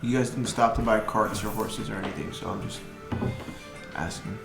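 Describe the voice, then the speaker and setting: A man's voice: fairly low pitch, fairly even intonation, normal speed, gravelly. A man narrating as dungeon master in a casual, laughing way. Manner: laughing, loose delivery. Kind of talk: casual tabletop game narration. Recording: echoey room with music behind.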